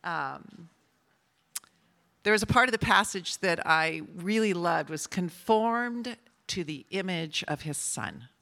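A woman's voice: on the low side, expressive, slow pace, gravelly, bright, forceful tone. An older woman, a grandmother, speaking to a women's gathering in a chatty, personal sermon style that teases the audience now and then.

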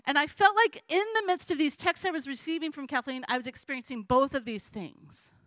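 A high, bright-toned woman leads a Bible study, talking earnestly and emotionally to the group. Her delivery is conversational, with fillers and restarts, and the close mic sounds dry. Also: brisk, no room sound. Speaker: women's Bible study leader. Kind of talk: heartfelt teaching talk to a group.

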